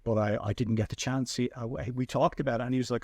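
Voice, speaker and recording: An Irish man hosting a podcast, telling animated anecdotes in a casual chat with frequent restarts. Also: mid-range voice, quick pace, breathy edge. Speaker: podcast host and filmmaker.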